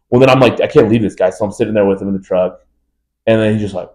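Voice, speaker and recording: A man's voice: mid-range voice, fast, a little mellow, poor audio. A man in his twenties co-hosting a casual podcast, telling stories and acting out his friends' lines. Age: 20s. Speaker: podcast co-host. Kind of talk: casual chat.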